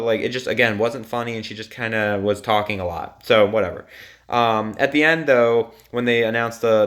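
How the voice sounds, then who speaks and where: A man's voice: on the low side, fairly bright tone. A young man giving a casual, opinionated recap of a TV episode, chatty and full of ums and likes. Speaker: TV recap reviewer.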